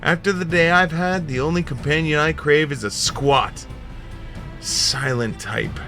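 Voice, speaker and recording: A man voicing a weary middle-aged sellsword who grumbles slowly through a tired tale. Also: on the high side, bright, forceful tone, soft background music. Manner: slow, grumbling, world-weary.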